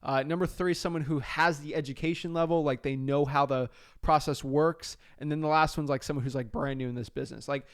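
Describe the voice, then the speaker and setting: A young man from South Florida giving a casual, energetic coaching talk with frequent fillers and restarts. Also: on the high side, fairly quick, smooth. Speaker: real estate wholesaling coach.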